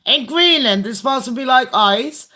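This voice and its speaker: A woman's voice: sits high, expressive, normal speed, pushed and bright. A British woman hosting a casual livestream chat with viewers, talking bluntly, swearing and rambling. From Britain. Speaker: channel host.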